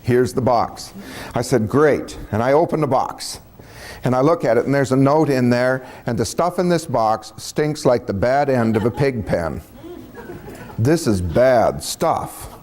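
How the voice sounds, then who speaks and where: A man's voice: mid-range voice, moderate pace, a little mellow. A man telling a personal story in a folksy, casual way, chuckling and acting out the dialogue as he goes.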